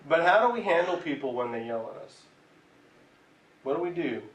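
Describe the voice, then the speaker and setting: A man teaching a class in a relaxed, chatty way, often checking in with "right?". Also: fairly high pitch, normal speed. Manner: conversational, keeps asking "right?". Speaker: tobacco cessation instructor. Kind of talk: classroom lecture. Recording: echoey room, mic far off, faint hiss.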